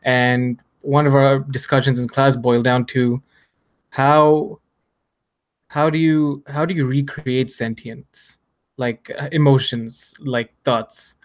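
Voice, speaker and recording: A man making an earnest point in casual podcast chat, thinking aloud and pausing on fillers as he goes. His pitch is middling and his delivery conversational. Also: fairly even intonation. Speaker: podcast co-host.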